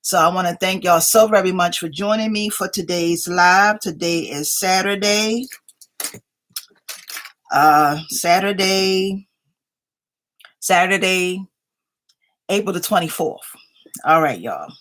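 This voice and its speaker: A woman's voice: on the low side, slow pace, long pauses. Chatty woman hosting a home livestream. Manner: chatty, warmly greets viewers by name. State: a little sleepy. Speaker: craft channel host. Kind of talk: casual livestream chat.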